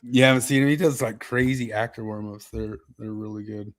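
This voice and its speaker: A man's voice: lowish voice, steady tone, fairly quick. A man hosting a podcast, griping and joking in casual chat, often repeating his words. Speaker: podcast host.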